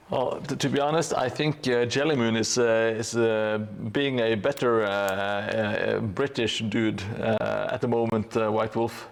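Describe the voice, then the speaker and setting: Male hobby streamer, unhurried and hesitant delivery with a dry joking manner, gravel in the voice. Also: lowish voice, fairly even intonation. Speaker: live streamer building a tabletop gaming board. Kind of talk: casual live-stream chat while painting.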